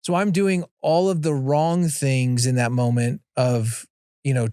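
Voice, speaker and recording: A man's voice: mid-range voice, level tone, unhurried, mellow, clear, resonant tone, dry recording, studio quality. A man who is a guest on a podcast and a father of four, giving earnest, casual advice and acting out the things he says at home. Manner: earnest, acts out his own quoted lines.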